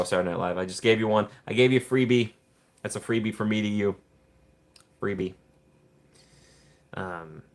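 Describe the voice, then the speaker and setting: A man's voice: on the low side, fairly bright tone. A man hosting a casual livestream, rambling and joking while he reads viewer chat. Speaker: livestream host.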